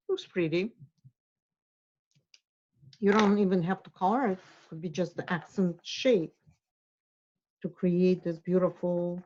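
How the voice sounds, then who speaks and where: A woman's voice: fairly low pitch, darkish tone, lo-fi sound. Encouraging woman teaching a drawing lesson. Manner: encouraging, drawing while she talks. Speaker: art instructor.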